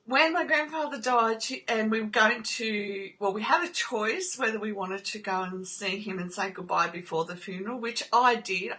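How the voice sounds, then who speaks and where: A woman's voice: mid-range voice, pushed and bright. A woman speaking earnestly about trauma recovery, often checking in with "okay?" and growing emotional during personal stories. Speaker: trauma recovery video host. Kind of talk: personal talk to camera.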